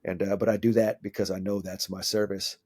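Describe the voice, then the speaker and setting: A man in his forties with a lowish voice talks in a loose, animated way, cursing casually and slipping into quoted dialogue. He speaks as a coach in a relaxed podcast interview. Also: fairly quick, slightly rough. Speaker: mental skills coach.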